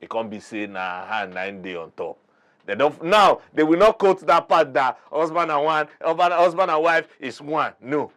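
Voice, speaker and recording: A man's voice: a little high, animated, normal speed, a bit bright. A man with a Nigerian accent, a guest in a talk-show debate, arguing his side in an emphatic, preachy way. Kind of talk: heated debate argument.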